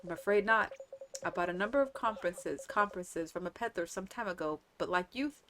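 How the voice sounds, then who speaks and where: A woman's voice: fairly low pitch, fairly bright tone, slight background noise, natural voice. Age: elderly. Figure: a woman reading as an aching old man. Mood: weary. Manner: slow, weary, complaining.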